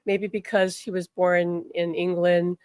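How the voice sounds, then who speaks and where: An older woman, a spiritual teacher, tells a personal story on a live stream in a chatty, animated way, often repeating words and saying "like". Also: lowish voice, measured pace, no echo. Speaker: spiritual healer and angel teacher.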